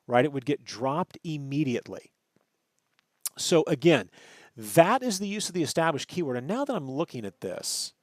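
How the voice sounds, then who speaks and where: Lively male tech instructor, dry sound. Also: on the high side, no echo. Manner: thinks aloud, self-correcting, stresses terms, asks "right?". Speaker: networking instructor. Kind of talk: screen-recorded lecture.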